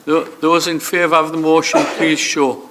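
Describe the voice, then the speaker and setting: A man's voice: a little high, flat delivery, noisy background. A man chairing a council meeting, calling the vote and reading out the tally. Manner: brisk procedural announcements.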